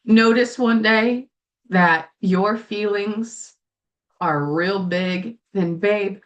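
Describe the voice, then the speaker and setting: A woman hosting a coaching podcast and talking to the listener about grief, candid and swearing freely, at times close to tears. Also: medium pitch. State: tearful at times. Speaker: life coach and podcast host. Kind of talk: solo podcast monologue.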